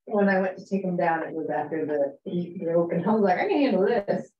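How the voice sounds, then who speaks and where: A woman's voice: fairly low pitch, brisk. A woman telling a story in a casual group discussion, chatty and laughing now and then. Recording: roomy, distant, dull table mic.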